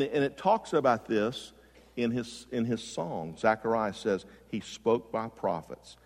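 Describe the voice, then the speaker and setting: A man preaching a sermon as pastor, building emphasis and asking the congregation direct questions. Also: mid-range voice. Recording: long hall reverb.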